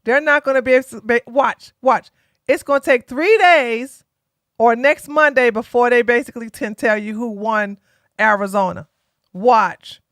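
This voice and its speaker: This tired woman from Georgia, USA, speaks at a moderate pace in a fairly bright voice on the high side. Blunt and sassy, she addresses her chat directly on a casual political live stream. The audio is clean studio sound without room sound.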